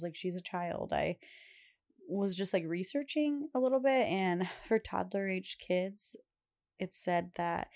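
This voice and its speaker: A woman's voice: medium pitch, darkish tone, no room sound, studio quality. A young woman hosting a podcast in a casual, rambling chat, often laughing as she talks. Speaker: podcast host.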